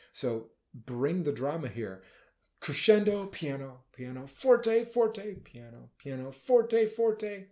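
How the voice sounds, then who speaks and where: A man's voice: mid-range voice, darkish tone. A man leading a band rehearsal as conductor, explaining casually and now and then singing or calling out musical phrases. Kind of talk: rehearsal instruction.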